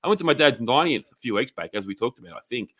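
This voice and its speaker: Australian male podcast co-host, fast and bright, loose sweary chat. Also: medium pitch, lively intonation, breathy edge. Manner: chatty, swears casually, rambling. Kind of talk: casual podcast banter.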